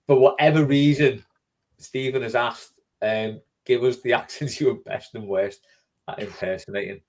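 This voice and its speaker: A man hosting a casual podcast chat, talkative and quick to laugh and tease. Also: mid-range voice, fairly even intonation, a little mellow. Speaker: podcast host.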